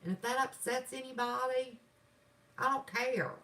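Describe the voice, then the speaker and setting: Southern woman, sassy livestream host, bright voice, set back from the mic. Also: sits high, moderate pace, recorded from a distance, rough recording. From West Virginia. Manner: sassy, defiant, folksy. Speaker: channel host. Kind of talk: livestream chat reading comments. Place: home, indoors.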